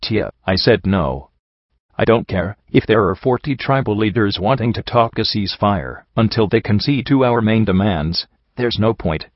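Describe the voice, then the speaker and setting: A man's voice: lowish voice, lively intonation, normal speed, dry recording, dull audio. A man voicing a stern, weary female pony ruler who speaks curtly and irritably. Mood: cold. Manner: curt and irritable.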